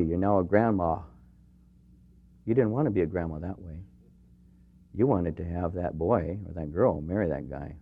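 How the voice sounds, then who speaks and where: A man with a fairly low voice preaches a sermon in an earnest, personal way. He rises to emphatic questions, then sinks to quiet, intimate remarks. The recording is dull and lo-fi. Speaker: pastor.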